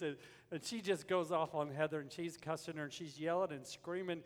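An older male preacher telling a story from the pulpit with a slightly high voice. His words ring out with a long echo through a big sanctuary. He moves from easy storytelling to forceful preaching. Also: fairly even intonation, brisk. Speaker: pastor. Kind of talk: sermon.

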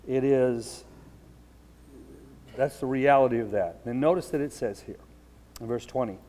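There's a big-room sound as a middle-aged pastor relates a story in his sermon, earnest throughout and going soft and low during the sorrowful moments.

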